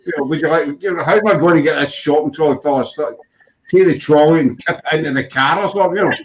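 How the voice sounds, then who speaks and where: Chatty man, slightly high voice. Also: fast, a little hiss or hum, low-quality recording. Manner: rambling storyteller, says "you know" a lot. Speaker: podcast host. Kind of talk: casual chat.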